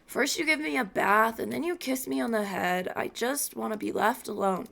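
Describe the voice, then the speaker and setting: A woman's voice: a little high, normal speed, creaky, a bit bright, exaggerated voice. A woman voicing her grumpy grown male house cat, complaining in an exasperated, fed-up way.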